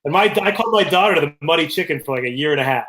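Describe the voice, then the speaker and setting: Rambling male co-host, slightly high voice. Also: animated, rapid-fire, noisy background. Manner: rambling, anecdotal, frequent fillers. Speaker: podcast co-host. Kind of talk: casual chat.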